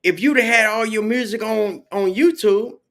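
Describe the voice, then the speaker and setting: A man whose voice sits high and fairly bright talks at normal speed as a podcast guest. He tells stories casually, heavy on slang, acting out each quoted voice.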